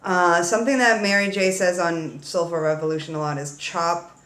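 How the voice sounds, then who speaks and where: A woman's voice: lowish voice, fairly even intonation, moderate pace, a bit bright. Woman tarot reader, casual and playful, salty slang, roomy echo. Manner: playful, slangy, swears freely, talks straight to viewers.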